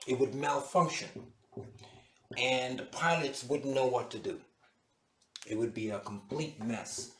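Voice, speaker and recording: A man giving an animated, storytelling lecture to a class. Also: medium pitch, a little hiss or hum. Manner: animated, dramatic retelling. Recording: echoey room.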